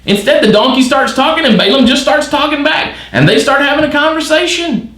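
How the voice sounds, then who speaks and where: A man's voice: extremely high pitch, animated, a little fast, fairly bright tone, roomy sound. A man leading a midweek Bible study, reading scripture and wondering aloud at it with many questions. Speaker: church Bible teacher.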